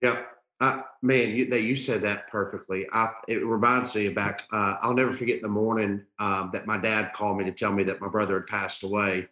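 A man with a fairly low voice tells a personal story in a casual, earnest way, stopping and restarting often. His voice rings in a roomy, echoey space. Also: fairly even intonation, moderate pace, hardly any pauses, pushed and bright. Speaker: podcast host. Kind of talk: casual conversation.

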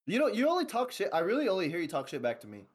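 A young podcast host in a casual chat with friends. He talks fast and curses freely, and he teases the others as he goes. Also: sits high, huge pitch swings. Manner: fast, profane, teasing.

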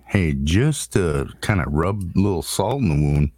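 A man's voice: low voice, lively intonation, moderate pace, darkish tone. A man co-hosting an online show, joking crudely and goofing around with his partner. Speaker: podcast co-host. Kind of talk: crude casual banter.

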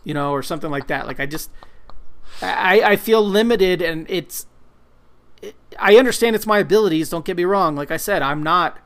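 Podcast co-host, man, rambling and profane, a little high-pitched. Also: normal speed, a bit bright. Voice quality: rambling, profane, self-deprecating. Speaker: podcast co-host, comic colorist. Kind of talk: casual podcast chat.

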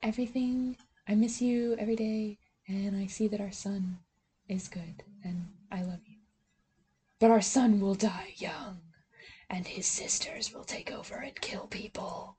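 A woman voicing the ghost of a queen who whispers soft, ominous predictions. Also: high voice, flat delivery, brisk, few pauses, a little hiss or hum, natural voice.

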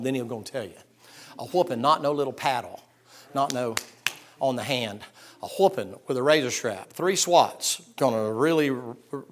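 Middle-aged pastor, folksy storyteller, acts out voices, hushed then loud. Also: male voice, medium pitch. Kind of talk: sermon.

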